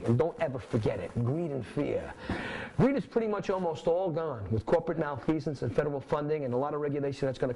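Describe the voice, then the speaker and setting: A man's voice: medium pitch, a little hiss or hum, low-quality recording. A man teaching a finance class in casual lecture style, telling stories and acting out dialogues with clients, often checking that the class is following. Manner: animated storytelling, acts out dialogues, quizzes the class. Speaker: finance instructor.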